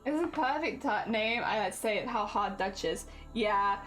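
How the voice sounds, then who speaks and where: A woman's voice: medium pitch, animated, moderate pace, fairly bright tone, soft background music. A young woman streaming casually, chatting and giggling with her viewers while she crafts at home. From Britain. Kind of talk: casual live-stream chat.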